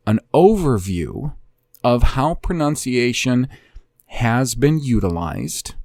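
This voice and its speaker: A man hosting his own channel, deliberately and earnestly explaining a document, step by step. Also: medium pitch, darkish tone, no room sound, studio quality. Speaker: host of a Bible language channel. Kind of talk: explanatory talk walking through a document.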